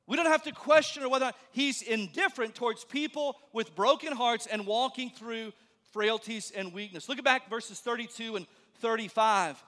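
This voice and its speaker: A male pastor preaching a sermon in a church, conversational and joking, then dropping to a hush for emphasis. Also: very high voice, normal speed. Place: church sanctuary. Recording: long reverb of a large hall.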